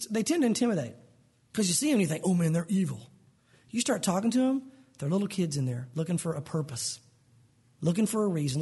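A pastor delivers a conversational sermon, slipping into quoted voices along the way. His voice sits fairly high for a man and moves fast. The tone is husky. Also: warm tone.

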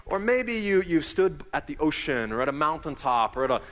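A man's voice: a little high, very animated, brisk, a bit bright, long reverb tail. A middle-aged man preaching a sermon as pastor, conversational and emphatic.

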